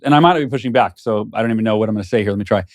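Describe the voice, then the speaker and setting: A man's voice: fairly low pitch, very fast. Earnest, reflective man in conversation. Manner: earnest and reflective, thinking aloud. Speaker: guest author. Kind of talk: casual interview conversation. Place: studio.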